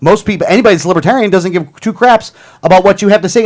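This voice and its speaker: A man's voice: sits high, rapid-fire. A man hosting a casual political talk show, ranting in a heated, combative way and often repeating himself.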